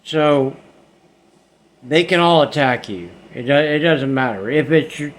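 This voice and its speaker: Slow-talking man telling ghost stories. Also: on the high side. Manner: slow, plain-spoken, often trailing off quietly. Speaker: channel host telling paranormal experiences. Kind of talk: casual first-person storytelling. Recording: faint background noise.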